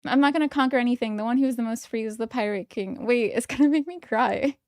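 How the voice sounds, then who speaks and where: A young woman streaming from home, chatting casually and giggling excitedly as she opens trading cards. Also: on the high side, fast talker, no echo, clean studio sound. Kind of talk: casual live-stream chat while opening trading cards.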